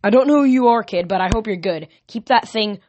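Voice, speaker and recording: Man voicing a satyr coach, gruff, barking orders, loud, storybook reading. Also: high-pitched, moderate pace, no room sound, dull audio. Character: gruff middle-aged male satyr coach.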